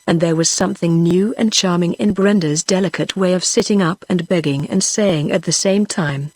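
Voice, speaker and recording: A woman's voice: on the low side, brisk, hardly any pauses, breathy edge, dry recording. A text-to-speech woman voice with a British English accent narrating a children's storybook audiobook. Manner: even machine-read narration.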